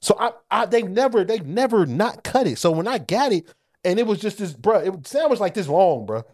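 A male podcast co-host telling a rambling story in loose, profane chat. His pitch swings a lot, rising high as he gets worked up. His voice sits a little above average for a man. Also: fairly quick, dry recording, studio quality. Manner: animated, profane, laughs while telling stories.

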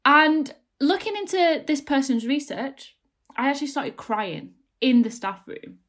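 Young woman, casual podcast chat, emotional, rambling, fillers, slightly high voice. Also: lively intonation, unhurried.

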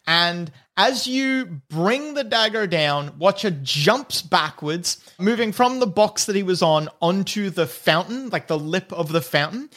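A man's voice: high voice, animated, a little slow, few pauses, fairly bright tone. A man running a tabletop game as game master, narrating loosely with fillers and giggles.

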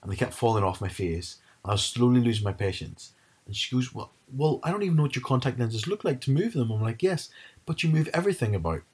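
A man's voice: medium pitch, quick pace, husky. A man, chatting casually and animatedly retelling a story. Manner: animated storyteller, mimics his mum.

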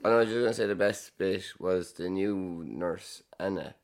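A man's voice: low voice, moderate pace. An Irish man co-hosting a podcast, making cheeky joking asides in casual chat. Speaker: podcast co-host.

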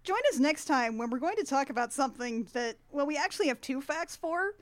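A woman hosting a podcast in casual chat, playful and animated, laughing often. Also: high-pitched, fairly quick. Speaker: podcast host.

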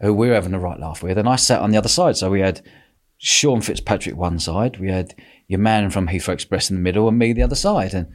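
A man hosting a podcast, telling a lively story with lots of laughter and quoted voices. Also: low-pitched, fast. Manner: animated, laughing, acts out quotes. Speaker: podcast host. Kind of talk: casual storytelling chat.

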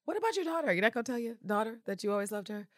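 A woman co-hosting a podcast, recapping a show in casual chat, expressive and profane with mock exasperation. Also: a little high, racing, no echo, clean studio sound. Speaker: podcast co-host.

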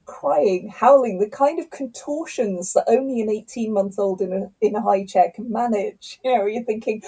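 A middle-aged woman, a scientist and author, telling stories in a lively conversational interview. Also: on the high side, breathy edge, poor audio. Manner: animated storyteller, acts out quotes.

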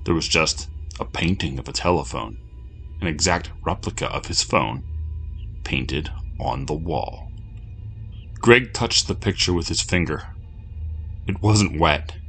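A man narrating a horror story in a low, measured, steady delivery. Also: creaky, faint music behind.

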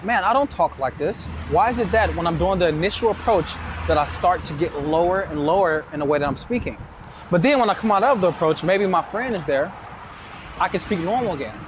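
A man hosting his dating-advice show, talking straight to camera outdoors at night in a city, energetic and direct with some swearing. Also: high-pitched. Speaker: dating coach and show host. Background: street noise, passing vehicles, distant shouting.

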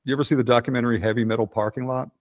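A man's voice: medium pitch, steady tone, racing, no echo. A man in his sixties with a Philadelphia accent, a guest in a casual interview, rambling bluntly and swearing often. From Delaware County, Pennsylvania. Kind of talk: casual profane conversation.

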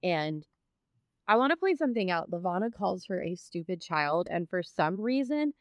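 Low-voiced woman discussing a book. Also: very animated, moderate pace, dry recording. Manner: thoughtful, reads book passages aloud. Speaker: podcast co-host.

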